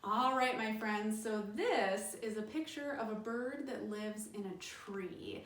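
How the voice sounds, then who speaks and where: A woman's voice: medium pitch, measured pace, a bit bright, echoey room, distant mic, a little hiss or hum. A woman librarian in her thirties leading a children's storytime, cheerful and sing-song as she talks to young kids.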